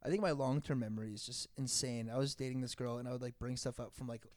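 A man's voice: medium pitch, steady tone, fast, darkish tone, dry recording, studio quality. A young man co-hosting a podcast in casual chat, rambling and correcting himself as he tells stories. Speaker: podcast co-host.

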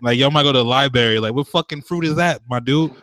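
A man's voice: fairly high pitch, fast talker, a bit bright, no room sound. A man co-hosting a casual chat, talking in slang, swearing freely and laughing often.

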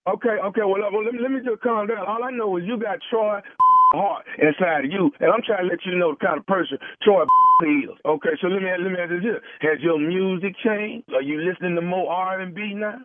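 A man's voice: high voice, brisk, no room sound, close to an everyday voice. A man making a radio prank call, earnestly pressing the callee while posing as a grieving brother. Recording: tinny phone line.

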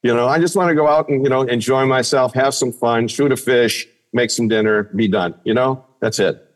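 A man's voice: mid-range voice, normal speed. Easygoing co-host man, rambling. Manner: rambling, frequent "you know", easygoing. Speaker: podcast co-host. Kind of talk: casual podcast chat.

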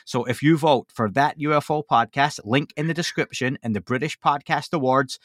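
A man puts on a chirpy, overdone American hype voice, pitched well above his own. It bounces with cheesy promo cheer, urging listeners to vote. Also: normal speed, fairly bright tone, no room sound, studio quality, close to an everyday voice. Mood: cheery pitch. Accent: put-on American.

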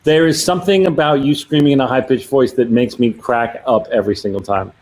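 A man's voice: medium pitch, fairly quick, low-quality recording. A man co-hosting a live podcast, chatting casually and laughing often. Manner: animated, laughing, swearing freely. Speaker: podcast co-host.

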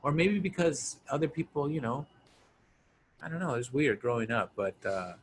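A young man in a casual chat, telling stories with animation and dropping soft when serious. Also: medium pitch, expressive, normal speed, slight background noise.

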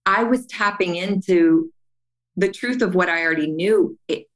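A woman's voice: on the low side, normal speed, rough recording. A middle-aged woman on a podcast, earnestly telling her story and acting out the voices in it. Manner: earnest and animated, acts out quotes. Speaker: podcast guest. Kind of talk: candid storytelling conversation.

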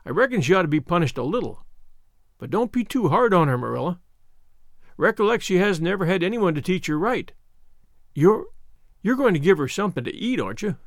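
A man reading an audiobook, voicing a shy, gentle older farmer who speaks hesitantly and mildly. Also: high-pitched, very animated, a little fast, pauses often, no room sound, studio quality. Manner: hesitant, mumbling and mild.

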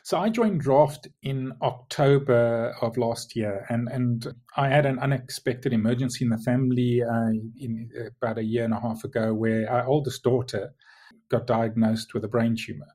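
A middle-aged man with a South African accent answers interview questions at an even middle pitch. He explains things in a measured way, often restarting a phrase before he carries on. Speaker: guest, logistics executive. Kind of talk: remote podcast interview.

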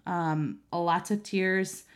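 A mother and vlogger in her thirties talks earnestly and conversationally to camera, with many fillers and restarts. Her lowish voice is smooth and steady, and she speaks very slowly.

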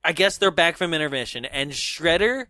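A man casually chatting as a podcast co-host, animated and acting out quotes. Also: fairly high pitch, normal speed, dry recording, studio quality. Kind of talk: casual chat.

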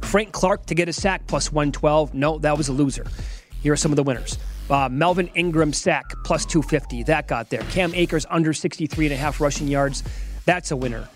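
A man hosting a sports betting show from a casino sportsbook studio, running through his bets in a wry, matter-of-fact way. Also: fairly high pitch.

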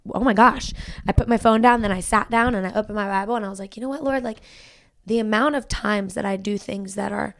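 A woman's voice: medium pitch, steady tone, fast, gravelly, dry recording, studio quality. A young woman, a podcast guest and country singer, talking earnestly about her faith and saying "like" a lot. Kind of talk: casual faith conversation.

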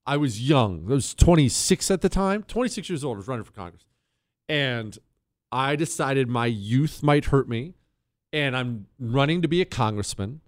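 A man's voice: medium pitch, lively intonation, moderate pace, dry recording. A man hosting a talk radio show, delivering an emphatic, opinionated monologue with sarcastic asides into a studio microphone.

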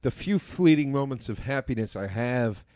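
A man's voice: mid-range voice, lively intonation, moderate pace, darkish tone, no room sound, studio quality. A man co-hosting a podcast, ranting in a bleak, profane, casual way. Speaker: podcast co-host. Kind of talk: casual chat.

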